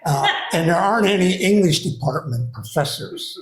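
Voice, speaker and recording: A man's voice: on the high side, animated, normal speed. An older man, a retired writing program director, gives rambling, hesitant memorial remarks to an audience, full of fillers and restarts. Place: hall with a live audience. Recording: echoey room.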